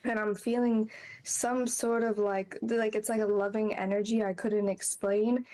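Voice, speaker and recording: A woman's voice: medium pitch, flat delivery, normal speed, warm tone. A woman telling a personal story in casual, rambling talk, full of "like" and light laughs. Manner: rambling, heavy use of "like", laughs between phrases. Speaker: interview guest.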